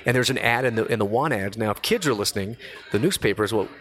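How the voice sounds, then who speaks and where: A man in his forties, a radio host by trade, chats casually on a podcast. He tells a story in a slangy, animated way and throws himself into quoted voices along the way. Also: lowish voice, fast talker.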